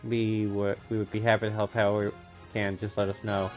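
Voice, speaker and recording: A man's voice: on the low side, flat delivery, brisk, dull audio, music in the background. A man streaming live, reading game dialogue aloud and often correcting himself mid-line. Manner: reads lines aloud with frequent self-corrections.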